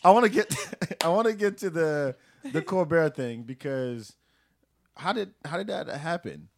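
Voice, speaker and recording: A man's voice: fairly high pitch, animated, normal speed, vocal fry, a little hiss or hum. A man hosting a podcast in casual chat, laughing along and joking with his guest. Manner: laughs along, jokes back. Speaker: podcast host.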